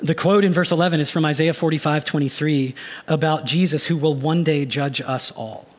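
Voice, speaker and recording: A man preaching a sermon as a pastor, animated and given to acting out little mock inner voices. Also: on the high side, brisk.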